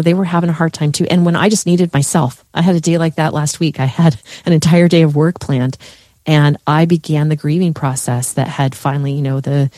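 A woman's voice: deep voice, dark tone, no room sound, studio quality. A woman coach talking in a heartfelt, rambling way, with many fillers and restarts, in a podcast conversation. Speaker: guest, coach. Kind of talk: emotional conversational podcast chat.

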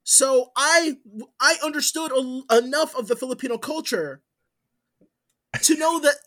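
A male podcast co-host in loose, casual chat. He tells his stories with lots of animation, cursing freely and jumping between loud bursts and low, hushed asides. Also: unhurried.

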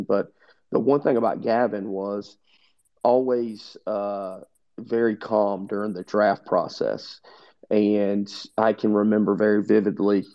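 Gravelly low-voiced man telling coaching stories. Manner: animated storyteller who acts out quoted dialogue. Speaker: head baseball coach. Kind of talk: interview storytelling. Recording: dull lo-fi sound.

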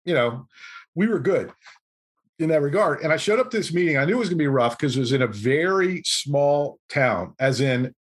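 A man guest on a podcast, telling a story in a casual, animated way and acting out what people said. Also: on the high side, normal speed, slightly rough. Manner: animated anecdote-telling, acts out quotes. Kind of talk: conversational storytelling.

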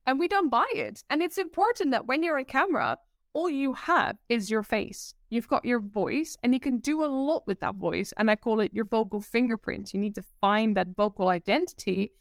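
Expressive woman presentation coach. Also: a little high, normal speed, dry recording, studio quality. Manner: expressive, emphatic, acts out quotes. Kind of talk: animated interview talk. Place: indoors, video call. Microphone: video call setup.

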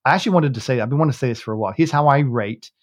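A man's voice: medium pitch, racing. A man co-hosting a podcast, chatting casually in a rambling way, often restarting and correcting himself with a chuckle. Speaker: podcast co-host. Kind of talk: casual chat.

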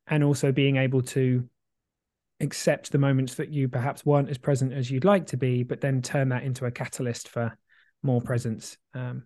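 Male podcast co-host, mellow and rambling, dry close mic. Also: mid-range voice, flat delivery, normal speed, dry recording. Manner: rambling, reflective, many fillers and restarts; swears casually, laughs easily. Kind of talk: casual chat.

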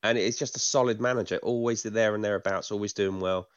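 Man, podcast co-host, low voice, rambling chat, dry dull lo-fi sound. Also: fairly even intonation, fast talker, clear, resonant tone, no echo. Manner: rambling, many fillers and restarts, swears casually. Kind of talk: casual chat.

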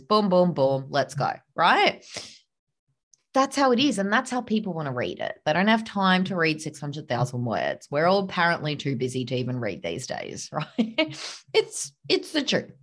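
Aussie woman coaching on copywriting, lowish voice, punchy and emphatic, a bit sweary. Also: a bit bright. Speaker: podcast host and copywriting coach. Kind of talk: casual teaching monologue.

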